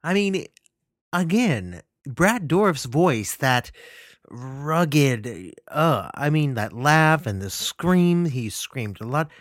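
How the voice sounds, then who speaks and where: A man's voice: fairly high pitch, sing-song, takes it slowly, no echo, studio quality. A man giving opinionated film commentary who speaks in an indignant, emphatic way and often repeats himself. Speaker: film reviewer.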